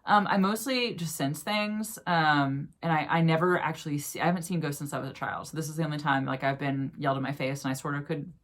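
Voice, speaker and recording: A woman's voice: low voice, brisk, hardly any pauses, a bit bright. A woman vlogger casually telling a personal ghost story, chatty and full of fillers.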